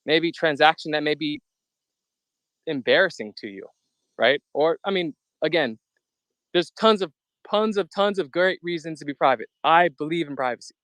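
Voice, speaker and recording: A man's voice: on the high side, normal speed, fairly bright tone, no room sound, rough recording. A man speaking in a casual live audio chat, rambling with many fillers and restarts.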